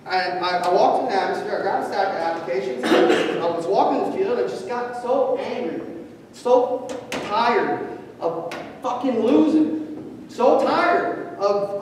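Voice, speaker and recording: A man giving a profane, impassioned motivational speech, swinging from loud to hushed. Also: sits high, animated, unhurried, slight background noise. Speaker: motivational speaker. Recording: echoey hall, voice from far off.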